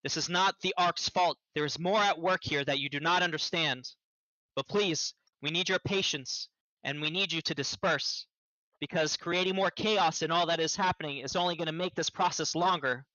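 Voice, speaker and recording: A man voicing a male mage who booms out a plea to calm an angry crowd, in a dull lo-fi stream recording. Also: moderate pace. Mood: pleading. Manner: booming, earnest and pleading.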